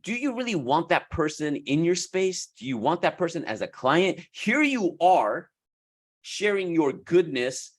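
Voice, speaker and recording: Animated, slangy man talking to camera. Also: measured pace. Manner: animated, slangy, puts on high voices for quoted people. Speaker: esthetics business coach. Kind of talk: casual talk to camera.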